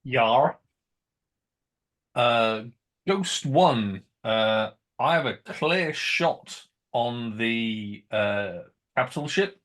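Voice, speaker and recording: A man's voice: medium pitch, a bit bright. A man playing a tabletop game, speaking hesitantly with many fillers as he works out the rules. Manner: hesitant, deliberate. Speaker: player. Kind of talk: casual play chat.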